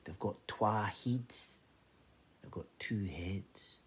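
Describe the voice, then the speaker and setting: Man voicing a wary scottish goat herd, hushed, solemn, low, slow, breathy. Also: exaggerated voice. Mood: grave hush. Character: cautious male goat herd, grave and warning. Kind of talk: oral storytelling.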